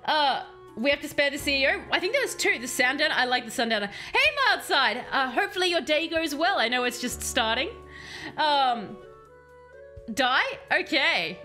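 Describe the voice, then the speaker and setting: A woman streaming a game, chatting with viewers and reading game text aloud in a chatty, animated way. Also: high voice, normal speed, soft background music. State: has a headache. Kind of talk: casual game commentary with chat.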